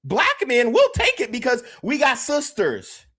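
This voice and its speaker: A man's voice: extremely high pitch, huge pitch swings, measured pace, bright, forceful tone. A man hosting a podcast, ranting emphatically in a livestream commentary and repeatedly calling out to his chat. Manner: emphatic, repetitive, addresses the chat directly. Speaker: podcast host.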